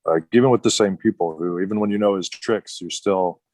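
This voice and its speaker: Deep-voiced man telling rambling stories. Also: a little fast, darkish tone, no echo. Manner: rambling, heavy use of "like". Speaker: guest, former wrestler. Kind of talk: casual podcast storytelling.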